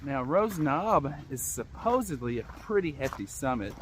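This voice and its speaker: A man's voice: medium pitch, very animated, normal speed, a little hiss or hum. A man from Appalachia chatting casually to the camera as he hikes a mountain trail outdoors, upbeat and at times winded on the climb. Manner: chatty, upbeat, talks to camera while hiking. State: out of breath on the climb. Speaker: hiking vlogger.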